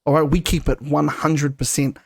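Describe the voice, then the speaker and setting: A man's voice: a little high, flat delivery, moderate pace, creaky. A man hosting a casual podcast, joking around and using slang and swearing. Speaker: podcast host.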